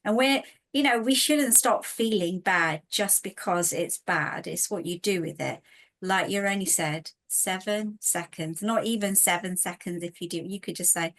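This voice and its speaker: A woman speaking as a webinar panelist over a video call, earnest and animated, acting out her own inner voice. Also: fairly low pitch, normal speed. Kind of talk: reflective webinar talk.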